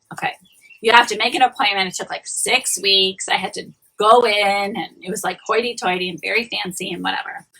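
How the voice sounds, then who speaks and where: A woman's voice: mid-range voice, gravelly, sharp tone, slightly rough, low-quality recording. A woman, chatting casually through a live-streamed beauty tutorial, confiding and full of restarts. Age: 40s. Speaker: beauty vlogger and shop owner. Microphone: phone or camera close up, live stream.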